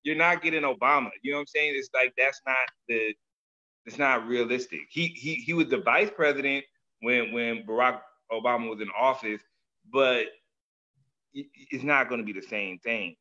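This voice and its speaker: Bright, animated man on lo-fi audio. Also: medium pitch, moderate pace. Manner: loose, animated, slangy, often acts out other people's words. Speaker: podcast host. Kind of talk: casual chat. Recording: dull lo-fi audio.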